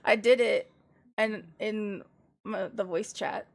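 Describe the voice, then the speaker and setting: A woman's voice: medium pitch, steady tone, takes it slowly, vocal fry. A woman VTuber chatting casually with her live-stream viewers, giggly and drawn out.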